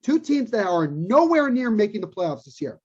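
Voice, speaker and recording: A man with a husky, breathy edge holds forth on a sports podcast, emphatic and opinionated. He hammers his points home by repeating them. The sound is muffled and lo-fi. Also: sits high, very animated, normal speed, darkish tone. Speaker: podcast co-host. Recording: dull lo-fi recording.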